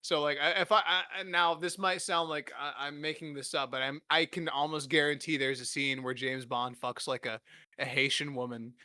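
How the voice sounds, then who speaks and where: A man's voice: fairly high pitch, little pitch movement, normal speed, bright, forceful tone, no room sound. Rambling, profane young man, dry close mic. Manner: rambling, profane, laughing often. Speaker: podcast host. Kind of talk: casual comedic riffing.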